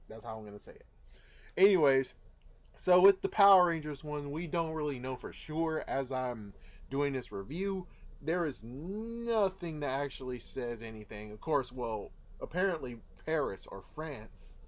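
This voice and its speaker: Young male toy reviewer, casual and rambling, lots of asides, average pitch. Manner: chatty and rambling, many fillers and asides.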